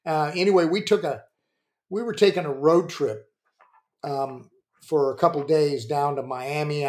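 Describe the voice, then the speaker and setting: An older man, a former pitcher and coach, telling rambling stories on a podcast with plenty of restarts and fillers. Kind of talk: casual storytelling.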